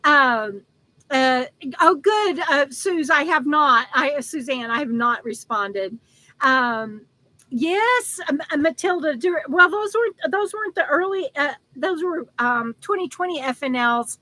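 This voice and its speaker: An older woman hosts a casual live stream from home, greeting viewers by name and laughing between her thoughts. Her voice sits high and rings bright, and she talks in halting bursts full of fillers and restarts. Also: expressive, low-quality recording. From Texas. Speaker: livestream host. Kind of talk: casual live-stream chat reading comments.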